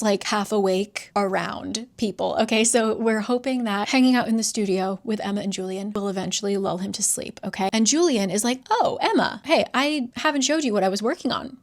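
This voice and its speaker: A woman casually recapping a novel's plot, chatty, swearing and laughing as she goes. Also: medium pitch. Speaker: book summary host.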